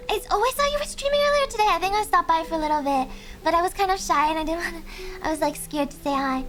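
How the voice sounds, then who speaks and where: Young woman streamer, very high soft voice, giggly, chatty, faint music underneath. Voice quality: high voice, speaking softly. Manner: giggly, chatty, reads chat aloud. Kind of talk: casual chat with viewers. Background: faint background music.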